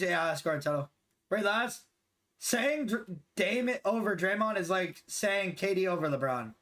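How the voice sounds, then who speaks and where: A guy in his twenties with a high, slightly bright voice streams a basketball video game, bantering with teammates in a loose, rambling, profane way. It's casual live-stream chatter during play.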